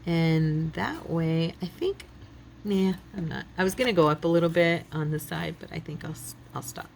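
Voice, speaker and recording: A woman's voice: sits low, normal speed, gravelly, darkish tone, a little hiss or hum. A middle-aged woman hosting a craft channel, chatting casually and thinking aloud as she works, often laughing. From United States.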